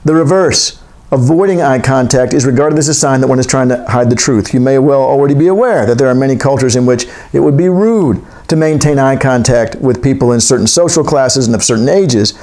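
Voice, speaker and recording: A man's voice: mid-range voice, brisk, darkish tone. A man giving a classroom lecture, reading from a text and wandering into joking asides.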